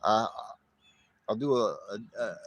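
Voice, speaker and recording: A man's voice: on the low side, slow, a little hiss or hum. A middle-aged man from the northern United States, hosting a casual livestream, rambling with stammered repeats. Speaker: livestream host.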